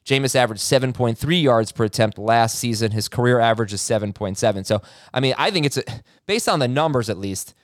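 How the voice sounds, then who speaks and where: A man hosting a fantasy football chat, reading quick injury updates and stats with a dry sarcastic streak. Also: medium pitch, no echo. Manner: quick stat-heavy delivery, dry sarcasm. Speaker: podcast host.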